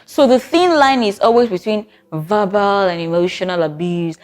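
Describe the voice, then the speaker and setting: A woman talks straight to camera as a therapist, advising on relationships. Her voice sits at a mid pitch, and she keeps it conversational, often checking in with rhetorical questions. Faint music plays behind her. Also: moderate pace, a little mellow. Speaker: therapist giving relationship advice. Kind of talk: talking-to-camera advice video.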